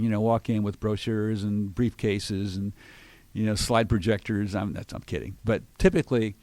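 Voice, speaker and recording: A man's voice: fairly low pitch, no echo. A man hosting a radio talk segment, explaining sales tactics and acting out sample phone lines. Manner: lively explanatory, acts out example phone lines. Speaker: sales trainer, radio show host.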